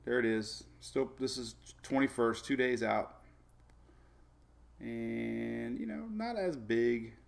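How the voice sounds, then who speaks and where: A man's voice: mid-range voice, slow, gravelly. A man hosting a casual live weather show, rambling and chatty with many fillers and frequent laughs.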